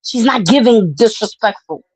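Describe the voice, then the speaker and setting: Woman host, loud and profane storyteller, mid pitch, dry close sound. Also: moderate pace, breathy edge, dry recording, rough recording. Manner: brash, profane, animated storyteller. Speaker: podcast host. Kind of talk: casual storytelling chat.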